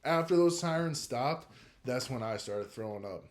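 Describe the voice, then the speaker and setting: A man's voice: mid-range voice, lively intonation, normal speed. Young guy telling a story, super casual, cusses a lot, says like constantly. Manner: laid-back, profane, heavy use of filler "like". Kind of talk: casual first-person storytelling.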